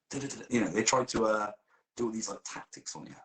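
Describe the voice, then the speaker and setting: A man's voice: fairly low pitch, expressive, fast talker, a bit bright, echoey room, low-quality recording. A man telling a comic story during role-play, swearing a lot and laughing as he goes.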